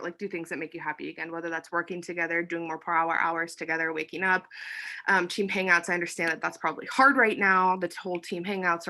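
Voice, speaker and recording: A woman's voice: on the low side, sharp tone. A young woman speaks to her team in a loose, casual pep talk. She is out of breath and winded, and she keeps filling her sentences with fillers and blunt swearing. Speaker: team leader. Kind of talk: casual motivational team chat.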